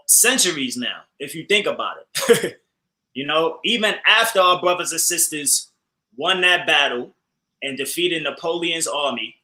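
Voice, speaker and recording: Bright, animated male co-host speaking casually and addressing the audience as family. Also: on the high side, poor audio. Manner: animated, repeats phrases, addresses listeners as family. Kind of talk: casual commentary.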